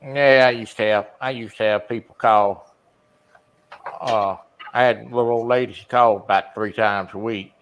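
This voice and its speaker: Gravelly man telling stories. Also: fairly low pitch, steady tone, normal speed, poor audio. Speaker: former emergency call worker. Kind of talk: casual storytelling.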